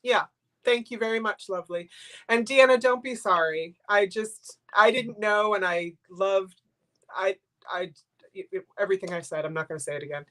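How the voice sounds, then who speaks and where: A woman's voice: mid-range voice, brisk, a bit bright. Sniffly, gushing older woman host. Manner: rambling, gushing, emotional. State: sniffly from crying. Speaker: livestream host. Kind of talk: casual live-stream chat.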